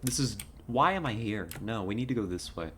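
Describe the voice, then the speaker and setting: A woman's voice: a bass voice, lively intonation, brisk, a bit bright, a little hiss or hum. A woman from California streaming a game, chatting with viewers in a laid-back, giggly way on a headset mic. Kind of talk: casual live-stream chat.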